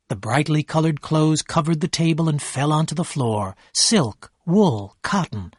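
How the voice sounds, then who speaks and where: Man reading a story slowly and clearly. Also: on the high side, lively intonation, no echo, studio quality. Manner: clear, slow, measured reading. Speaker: story narrator. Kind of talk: slow scripted narration for learners.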